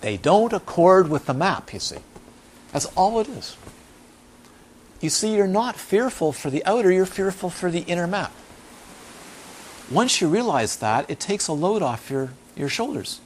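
A man with a high-sitting voice gives an informal dharma talk as a meditation teacher, telling animated stories with emphatic repetition and acting out the voices of those he quotes. He keeps a measured pace and pauses often. A little hiss or hum runs underneath.

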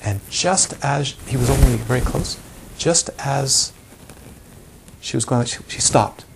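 A man's voice: medium pitch, moderate pace, gravelly, a little hiss or hum. A man giving a meditation teacher's live talk to a group, often questioning the audience and acting out examples.

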